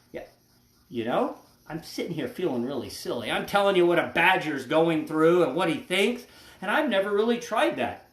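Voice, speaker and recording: A man's voice: on the high side, fairly bright tone. A man hosting an educational animal show, chatting playfully and cracking jokes as he handles the animals. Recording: roomy echo.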